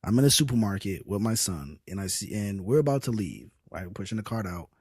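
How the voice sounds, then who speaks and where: A young adult man co-hosting a casual podcast chat, an animated storyteller who acts out the people he quotes. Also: on the low side, a little fast, breathy edge, no echo, clean studio sound. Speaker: podcast co-host.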